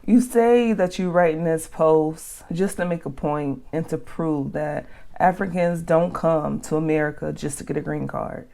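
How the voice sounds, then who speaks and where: A woman hosts a reaction vlog and hands out blunt advice in a lowish, gravelly voice. Her tone is dark and mellow, and her delivery is animated and full of casual slang. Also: normal speed. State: out of breath. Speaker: channel host. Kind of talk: reaction commentary to a reader's post.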